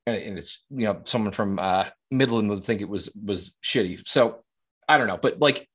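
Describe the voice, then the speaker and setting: A man's voice: fairly low pitch, moderate pace, a bit bright, husky. A man in casual podcast talk, meandering and profane. He trips over his own starts and circles back to his points. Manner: rambling, profane, many restarts. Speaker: podcast co-host.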